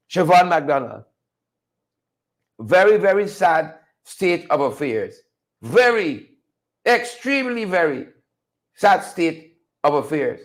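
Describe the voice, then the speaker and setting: A man hosting a live-stream show, chatting with viewers and calling them folks. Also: on the high side. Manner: animated, conversational, addresses viewers as folks. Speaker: host.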